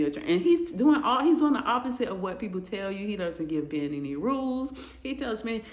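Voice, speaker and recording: A woman casually telling a storytime, with animated, expressive asides. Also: fairly high pitch, moderate pace, few pauses. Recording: roomy echo.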